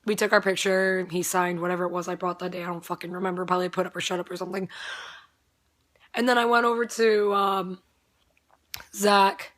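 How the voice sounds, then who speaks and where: A woman's voice: fairly low pitch, little pitch movement, brisk, long pauses, fairly bright tone. A young woman with a strained voice, casually telling a rambling story, swearing freely and laughing often. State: voice strained, not at full strength.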